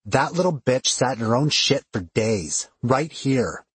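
A man's voice: mid-range voice, big pitch swings, measured pace, slightly rough, no room sound, exaggerated voice. A man voicing an unhinged woman with several personalities who speaks in a cruel, taunting way.

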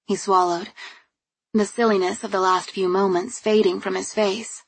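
A woman reading first-person audiobook narration in a calm, measured way. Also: mid-range voice, creaky, husky, no echo.

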